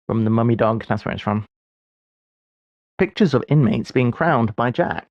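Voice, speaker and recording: A man in his forties chats on a casual livestream, musing aloud as he works through puzzles and dropping wry, self-deprecating asides. His medium-pitched voice is animated and darkish at a moderate pace, recorded dry with lo-fi sound.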